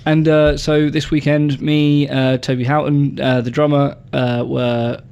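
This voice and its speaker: A man's voice: medium pitch, level tone, gravelly, a little mellow, smooth, highs cut off. Chatty male podcast host. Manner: chatty, halting with many ums and uhs. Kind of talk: casual radio chat.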